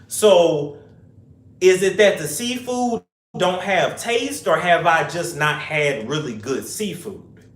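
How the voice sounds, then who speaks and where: A man's voice: fairly high pitch, animated, slow pace, a bit bright. A young man hosting a casual livestream chat, reading viewer comments aloud and answering in rambling asides. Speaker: host. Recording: echoey room.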